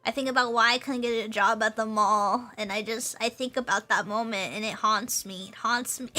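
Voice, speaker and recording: A woman's voice: a little high, animated, a little fast, hardly any pauses, sharp tone, soft background music. A young woman streamer in casual chat with her viewers, bubbly and rambling, laughing often and repeating herself.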